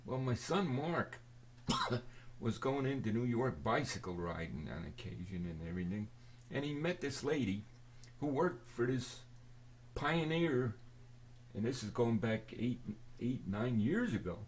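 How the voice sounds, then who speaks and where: An older man telling a rambling personal story to his camera, halting and forgetful, with many restarts and fillers. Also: mid-range voice, very animated. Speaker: video storyteller.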